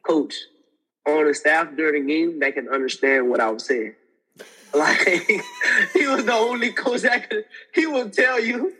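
A man talking as a podcast guest, telling animated stories with lots of laughter and acting out other people's voices. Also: a little high, moderate pace, breathy edge, low-quality recording. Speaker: podcast guest, former football player. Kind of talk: casual storytelling.

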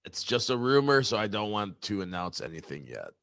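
A man's voice: fairly low pitch, very animated, brisk, a bit bright, no echo. A man co-hosting a casual live show, laid-back and laughing along. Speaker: co-host.

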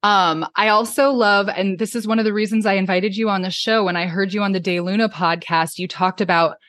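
A woman's voice: mid-range voice, steady tone, fairly quick, fairly bright tone, no echo, clean studio sound. A woman hosting a podcast interview, encouraging and affirming her guest as she asks questions. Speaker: podcast host.

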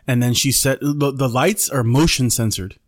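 Podcast co-host, man, mid pitch, easygoing storyteller full of bro and dude, dry close sound. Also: normal speed, dry recording. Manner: laid-back, swears freely, says bro and dude. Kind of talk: casual storytelling chat.

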